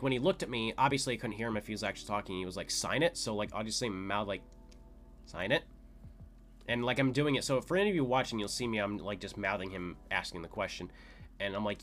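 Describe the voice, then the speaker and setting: A young man hosting a podcast, telling a story casually, excitable and full of fillers, his voice leaping up when he quotes his own shouts. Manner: excitable, lots of "like" fillers, jumps to high pitch when quoting shouts. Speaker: podcast host.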